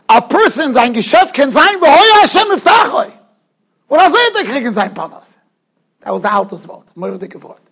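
A man, a rabbi, giving an animated Torah lecture in a yeshiva study hall, telling stories with quick asides. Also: very high-pitched, breathy edge.

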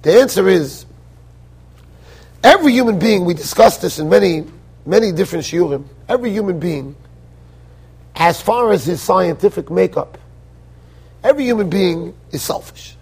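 An American man, a rabbi giving a Torah lecture in a yeshiva study hall, animated and full of rhetorical questions. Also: high voice, normal speed, long pauses, husky. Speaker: rabbi teaching a Torah class.

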